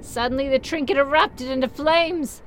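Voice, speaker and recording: A woman's voice: sits high, normal speed, a little hiss or hum. Sarcastic young woman reading a story. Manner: sarcastic, mocking, swears casually. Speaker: story reader.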